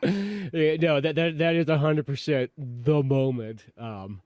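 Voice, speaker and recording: A man's voice: a little high, slow, darkish tone, no room sound. A man co-hosting a podcast in casual chat, crude and rambling, often laughing. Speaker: podcast co-host.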